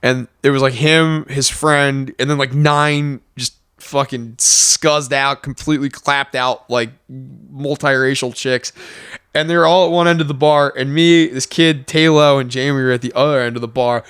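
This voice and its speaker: A man's voice: medium pitch, fairly even intonation, moderate pace, a bit bright, clean tone, no room sound, clean studio sound. A young man co-hosting a podcast, telling a rowdy story in casual, profane chat and acting out what people said, often laughing. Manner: profane, laughing storyteller who acts out quotes. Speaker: podcast co-host.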